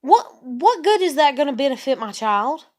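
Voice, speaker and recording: A woman's voice: sits high, sing-song, moderate pace. A woman, venting in an exasperated monologue full of rhetorical questions. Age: 30s. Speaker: vlogger.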